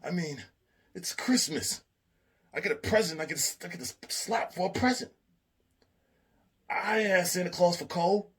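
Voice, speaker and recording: A man voicing an indignant, high-strung male inmate who whines and protests in a shrill voice. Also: moderate pace, long pauses, fairly bright tone, breathy edge. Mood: whiny.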